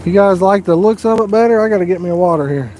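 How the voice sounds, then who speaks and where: A man with a Southern US accent chats through a casual fishing livestream, cracking corny one-liners in a folksy drawl. His voice sits fairly high for a man. A faint outdoor hum runs behind him. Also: fast talker, dark tone. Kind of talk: casual live-stream chat. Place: outdoors by the water.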